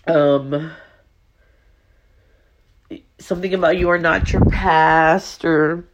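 A woman's voice: deep voice, steady tone, slow, muffled recording, background noise. Woman vlogger, casual storyteller, frank and emotional. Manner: candid, swears freely, grows emotional.

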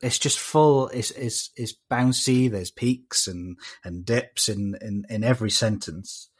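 A man's voice: fairly low pitch, unhurried, slightly rough. A man with a South Welsh accent, a guest on a casual podcast, talking with many fillers and restarts. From Wales.

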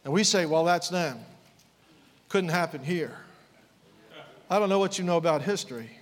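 A man preaching with fervent conviction, his high voice climbing into impassioned outbursts before sinking to hushed, low asides. The sound carries the long reverb of a large hall. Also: moderate pace. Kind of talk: sermon.

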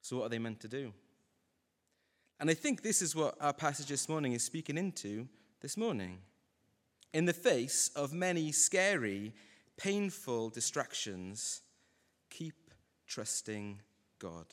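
A man preaching a sermon in a relaxed, conversational, humorous way to a congregation. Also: medium pitch, a little slow. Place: church hall. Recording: long hall reverb.

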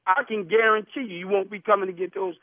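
A man on a phone call, his high voice squeezed through a thin, phone-like line that sounds dry. He argues defensively and swears freely, blustering and repeating himself as he pushes back against the caller. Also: fairly even intonation, fast talker, dry recording. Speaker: prank call target. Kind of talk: heated phone argument.

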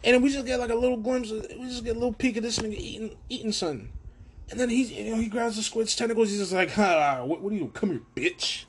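A man hosting a casual solo podcast from his own room, rambling, swearing and animated. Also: very high-pitched, very fast, a little hiss or hum. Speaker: podcast host.

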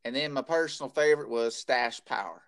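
A man's voice: mid-range voice, brisk, fairly bright tone. A man banters as a podcast co-host. He talks in a dry, teasing way, and his voice sits mid-range. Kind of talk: casual chat.

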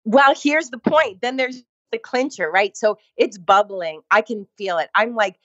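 A woman's voice: a little high, measured pace, a bit bright, no room sound, highs cut off. A woman, a fitness instructor, telling her story in a conversation, emphatic and repeating phrases for effect.

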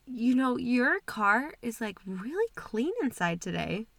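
A woman's voice: a little high, very animated, measured pace, vocal fry. A woman co-hosting a casual chat who laughs often and reacts playfully. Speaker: podcast co-host. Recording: faint background noise.

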